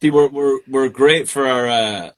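A man with an Irish accent, a singer being interviewed over a remote call, relaxed and laughing easily with plenty of fillers. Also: mid-range voice, a little slow. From Ireland. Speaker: guest singer. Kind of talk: casual interview chat.

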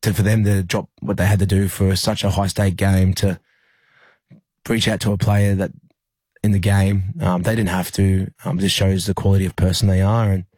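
Australian man, very low voice, husky, rambling with restarts, dry close sound. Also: level tone, moderate pace, a little mellow, dry recording. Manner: rambling, many fillers and restarts. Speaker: rugby league player, interview guest. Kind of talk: emotional personal recollection in an interview.

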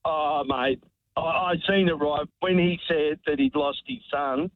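A man's voice: a little high, measured pace, dry recording. An Australian man calling a talkback radio show, telling a heartfelt story in a rambling way that repeats words. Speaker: radio caller. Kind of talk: emotional talkback call. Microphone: telephone. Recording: tinny phone line, dry.

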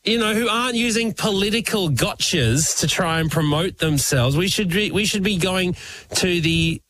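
A man co-hosting a radio show, bantering casually and joking with quick laughs. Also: high-pitched, sharp tone.

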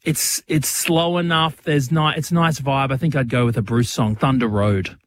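A man's voice: mid-range voice, steady tone, normal speed, no room sound. A man, co-hosting a casual radio chat and reading listener messages aloud with a giggle. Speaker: radio co-host. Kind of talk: casual banter on a radio show.

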